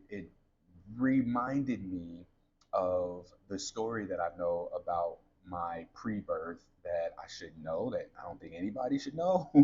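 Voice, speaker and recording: A man's voice: low-pitched, darkish tone, breathy edge, lo-fi sound. A man in his thirties, a podcast host, candidly telling a personal story to his listeners in a conversational way. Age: 30s.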